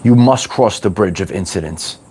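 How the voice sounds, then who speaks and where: A man's voice: sits low, moderate pace, a little mellow, slight background noise. A middle-aged man hosting a spiritual wellness livestream, talking to his chat in a playful, repetitive motivational style and drawling words like "baby".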